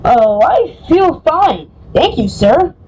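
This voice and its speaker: A woman's voice: sits high, very animated, slow, dark tone, highs cut off, pitched above the performer's own voice, exaggerated voice. A woman voicing a gloomy male tank engine from a storybook, sighing and sorry for himself. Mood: cheerful.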